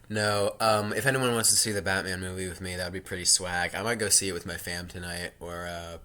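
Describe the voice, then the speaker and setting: A man with a low-pitched but very bright, edgy voice rambles through a casual home vlog. He cuts himself off mid-thought and tosses in jokey asides. The sound comes from a laptop's built-in mic. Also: level tone, normal speed. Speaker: vlogger.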